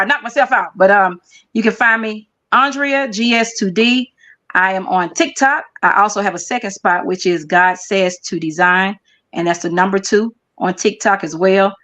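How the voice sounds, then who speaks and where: A woman speaking as a guest in a casual online chat, lively and slangy. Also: mid-range voice.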